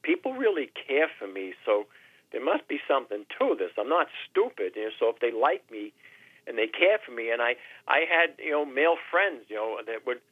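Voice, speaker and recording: A man in his sixties, a radio guest, speaking haltingly and emotionally, repeating words and with his voice sometimes breaking. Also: medium pitch, sing-song, no echo. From New Hampshire. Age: 60s. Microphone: telephone. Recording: tinny phone line.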